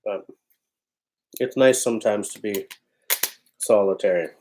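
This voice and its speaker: A man's voice: lowish voice, unhurried, noisy background. Chatty man casually reading out viewer comments. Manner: loose, chatty and offhand, often breaking into laughter. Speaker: livestream host. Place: at home.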